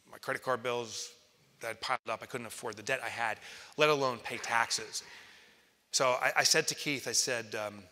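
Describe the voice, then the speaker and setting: A man's voice: medium pitch, pushed and bright. Middle-aged man telling a story on stage. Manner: emotional storytelling, acts out quoted voices. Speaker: keynote speaker. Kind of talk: storytelling keynote speech. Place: large hall, live audience. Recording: live hall reverb.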